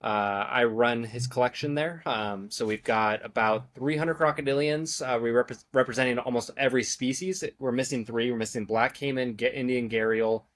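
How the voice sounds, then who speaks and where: A man's voice: mid-range voice, fairly even intonation, moderate pace, few pauses, fairly bright tone. Laid-back man from California. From California, USA. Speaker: podcast guest, reptile keeper. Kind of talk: casual interview chat.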